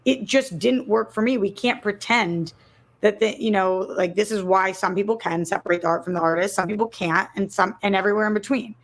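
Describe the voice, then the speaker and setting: A woman's voice: mid-range voice, fairly quick, a little hiss or hum. A woman co-hosting a casual chat show, candid and opinionated, with lots of "like" as filler. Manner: candid, opinionated, uses "like" a lot. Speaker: co-host.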